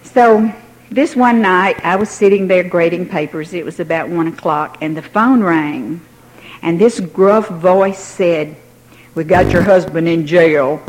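A woman's voice: fairly low pitch, unhurried, poor audio. An older woman telling a personal story in a wry, self-mocking way, laughing now and then.

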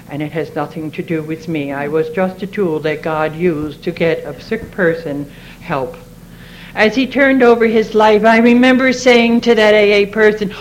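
A woman's voice: on the low side, slight background noise, poor audio. A middle-aged woman giving a heartfelt personal testimony at a recovery meeting. She tells her story earnestly and repeats phrases as she goes.

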